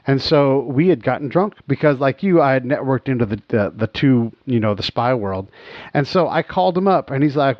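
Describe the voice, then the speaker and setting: A man's voice: medium pitch, a little fast, no room sound, muffled recording. A man hosting a podcast, telling stories in a casual chat and acting out the dialogue he quotes. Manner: animated, acts out quoted dialogue. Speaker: podcast host.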